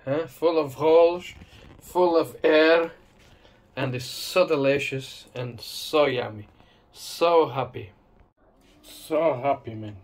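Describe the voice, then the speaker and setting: A man hosting a casual home cooking video, talking enthusiastically and often adding a questioning "eh?". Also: medium pitch. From Madeira, Portugal. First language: Portuguese. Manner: enthusiastic, repeats tag question "eh?".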